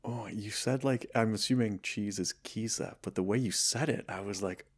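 A man with a Canadian accent hosting a casual podcast chat, rambling and joking at himself, often breaking into loud laughter. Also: fairly low pitch, normal speed, breathy edge. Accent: Canadian English. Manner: rambling, self-mocking, bursts of loud laughter. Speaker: podcast host.

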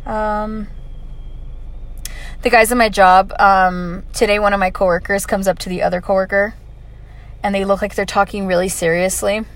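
Young woman in her twenties, chatty vlogger, filler-heavy rambling storytelling, mid pitch. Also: little pitch movement, normal speed, long pauses. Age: 20s. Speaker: audio vlogger. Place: on the way home from work.

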